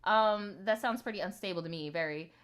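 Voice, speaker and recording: A woman with a bright, forceful voice hosts a storytime video. She reads viewer stories aloud and then chats casually with her audience, blunt and full of profanity. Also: mid-range voice, brisk, smooth. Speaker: storytime host.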